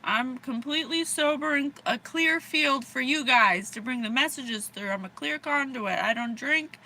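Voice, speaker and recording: A woman's voice: high voice, normal speed, sharp tone. An American woman giving a casual livestream psychic reading, bubbly and rambling, often giggling. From USA. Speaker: psychic reader.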